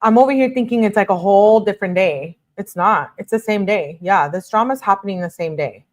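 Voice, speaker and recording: A woman's voice: mid-range voice, brisk. A woman streamer reading text messages aloud and chatting casually with her viewers about a court case. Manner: reads messages flatly, breaks off to chat with viewers. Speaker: true-crime streamer reading texts.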